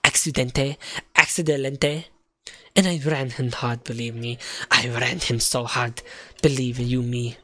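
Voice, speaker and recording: A man voicing a cold, scheming female director villain in a video game, speaking slowly and menacingly in a lowered voice. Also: fairly even intonation, bright, forceful tone.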